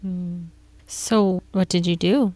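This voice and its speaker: A woman hosting an interview, listening closely with short affirmations and asking gentle questions. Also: lowish voice, steady tone, slow pace, no echo.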